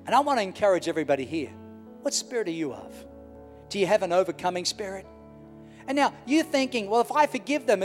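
A middle-aged man preaches a sermon in a high-pitched voice, driving his points home by repeating phrases. His voice rings through a large church hall with a long reverb tail. Soft music plays faintly underneath. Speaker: pastor.

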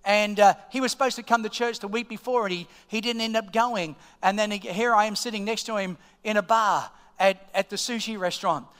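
A middle-aged Australian man preaching from the pulpit in a strikingly high voice, telling stories with animated swings between hushed asides and loud, excited peaks. His sermon rings with the long reverb of a large church hall. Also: brisk, few pauses, clear, resonant tone. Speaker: pastor. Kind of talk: sermon with personal storytelling. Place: church auditorium.

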